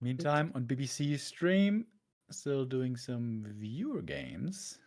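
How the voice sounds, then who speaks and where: An esports caster calls a deciding tournament map with playful energy. The voice sits mid-pitch and leaps up and down expressively. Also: takes it slowly, creaky. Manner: animated, playful. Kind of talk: live game commentary.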